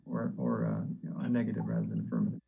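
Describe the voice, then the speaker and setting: Soft-spoken man explaining meeting procedure. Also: on the low side, big pitch swings, gravelly, phone-quality sound, crowd noise. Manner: procedural, polite, halting with restarts. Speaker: city planning staff presenting to a board. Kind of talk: virtual public meeting presentation.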